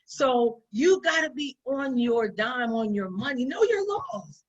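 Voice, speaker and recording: A woman's voice: high voice, expressive, unhurried. A woman business owner giving conversational business advice in an emphatic way, often repeating her points for stress. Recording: dull lo-fi sound.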